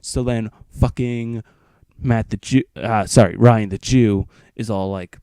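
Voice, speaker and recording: Teen vlogger, low mellow voice, rambling profane storyteller, dry close sound. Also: male voice, fairly even intonation, unhurried, clean tone, no echo. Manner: rambling, profane, acts out friends' lines. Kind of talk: casual storytelling.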